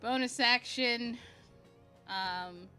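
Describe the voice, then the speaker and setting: A woman's voice: on the high side, drawn-out words, pushed and bright, soft background music. A woman playing a tabletop game in casual chat, giggly and hesitant. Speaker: player.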